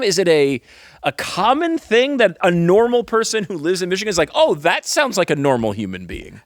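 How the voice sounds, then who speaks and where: A podcast co-host whose speech wanders and restarts as he reaches for his point. His pitch moves around a lot, and the recording is dry and close with no room sound. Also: wildly swooping pitch, a little fast, no room sound. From Northeastern US. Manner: rambling, self-interrupting, laughs often. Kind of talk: casual podcast chat.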